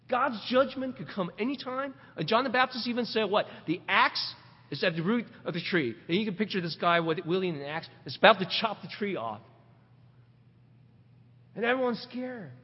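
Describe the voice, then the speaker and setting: A middle-aged man preaches with a high voice that rises and falls widely. He asks rhetorical questions and repeats words as he presses his points. The sound is dull and carries a long hall reverb. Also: breathy edge. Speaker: pastor. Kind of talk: sermon.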